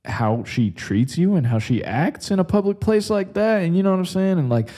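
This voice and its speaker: A man's voice: sits high, big pitch swings, moderate pace, mellow. Rambling, foul-mouthed young male podcaster. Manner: rambling, crude, says "like" and "bro" constantly. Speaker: podcast host. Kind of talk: casual comedic monologue.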